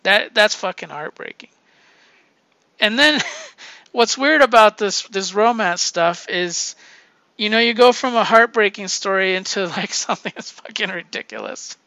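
A man's voice: high voice, normal speed, bright, forceful tone, no room sound. A man hosting a casual comic book review, retelling plots with lots of swearing and laughter. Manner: profane, laughing storyteller. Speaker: podcast host reviewing comics.

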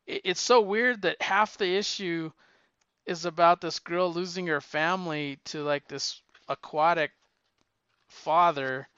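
A man's voice: a little high, a little slow, pushed and bright, clear, resonant tone, dry recording, muffled recording. A man casually chatting as a podcast co-host, rambling and stumbling over restarts and fillers. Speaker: podcast co-host reviewing comics. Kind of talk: casual chat.

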